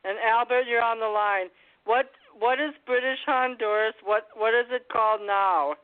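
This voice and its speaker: A woman hosts a loose call-in talk show, firing trivia questions at her co-hosts in a brisk, joking way. Her voice sits high, and it comes through a thin, phone-like line. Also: fairly even intonation. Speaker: host. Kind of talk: casual call-in chat.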